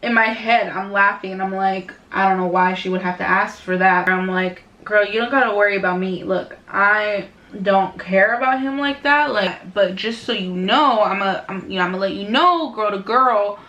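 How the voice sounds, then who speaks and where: A woman's voice: mid-range voice, normal speed, hardly any pauses, bright, forceful tone, highs cut off. A young woman in a casual storytime vlog, chatty and dramatic, acting out both sides of the conversations she retells. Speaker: beauty vlogger. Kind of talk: casual storytime while doing makeup. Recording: echoey room.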